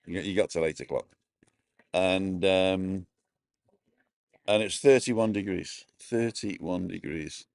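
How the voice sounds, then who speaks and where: A man's voice: deep voice, darkish tone, no room sound. A middle-aged man casually chatting on a live stream from a bar, greeting viewers by name and wearing earphones.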